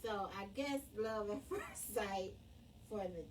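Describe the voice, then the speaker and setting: Speaking slowly in a medium-pitched voice, a middle-aged woman tells a story about her husband during casual chat on a live stream. She laughs and gets emotional along the way. The recording uses a distant mic and picks up faint background noise.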